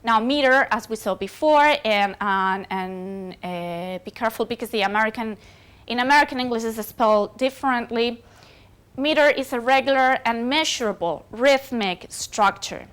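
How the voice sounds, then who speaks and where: A woman's voice: on the high side, normal speed, a bit bright, clear, resonant tone. A woman whose first language is Spanish, giving a recorded university lecture with many fillers and self-corrections.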